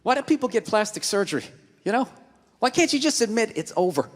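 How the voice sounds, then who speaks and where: A man doing a stand-up routine, ranting loudly and swearing a lot. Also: high voice, sing-song, fast talker. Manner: ranting, profane, loud and emphatic. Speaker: stand-up comedian. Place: comedy stage before a live audience. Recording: live stage recording, long reverb, audience noise.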